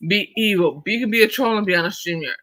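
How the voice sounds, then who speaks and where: A woman hosting a livestream, ranting in an irritated, profane, confrontational way at a fast and emphatic pace. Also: medium pitch, fairly bright tone, dry recording, low-quality recording. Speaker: livestream host. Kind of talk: livestream commentary rant.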